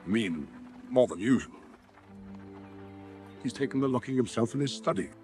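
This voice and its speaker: A man's voice: medium pitch, lively intonation, normal speed, a little mellow, soft background music, lightly acted. A man's converted voice playing a worried, earnest young male hobbit, talking in a confiding way.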